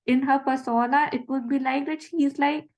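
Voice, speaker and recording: Indian woman, slightly high voice, musing study-circle speaker, mixes in Hindi. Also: fairly even intonation, moderate pace, darkish tone. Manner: musing, mixing English with Hindi. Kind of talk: reflective spiritual talk.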